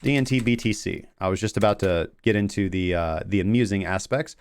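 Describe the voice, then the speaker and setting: A man's voice: fairly low pitch, fairly quick, smooth. A man hosting a crypto trading show, talking casually through charts with plenty of fillers. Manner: rambling, filler-heavy talk. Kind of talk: casual market commentary.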